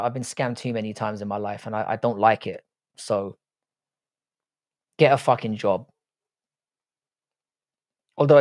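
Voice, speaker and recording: A man's voice: mid-range voice, a little mellow, dry recording, clean studio sound. A man hosting a live stream in casual chat, swearing freely and bantering with his viewers.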